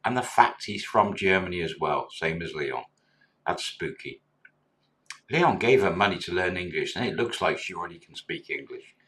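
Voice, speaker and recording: Low-voiced man telling a story. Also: expressive, moderate pace, sharp tone. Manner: chatty, acts out quoted dialogue. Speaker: former bar manager telling a story. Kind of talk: casual spoken storytelling.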